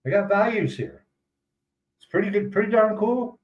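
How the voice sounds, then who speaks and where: A man's voice: sits high, lively intonation, normal speed, highs cut off. An older man, a retiree, chatting casually and rambling on a livestream, chuckling often. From United States. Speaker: retiree vlogger.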